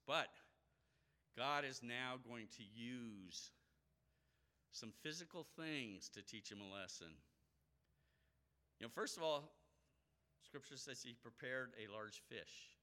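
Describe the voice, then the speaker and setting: Animated bright-voiced man preaching. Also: mid-range voice. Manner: animated, acts out quoted voices. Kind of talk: sermon.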